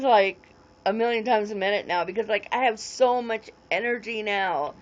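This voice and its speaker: A woman's voice: medium pitch, lively intonation, a little slow. Woman in her 40s rambling on a livestream, voice swooping up and down, kinda dull lo-fi sound. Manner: rambling, greets viewers and answers comments as they come. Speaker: livestream host. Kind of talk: casual livestream chat.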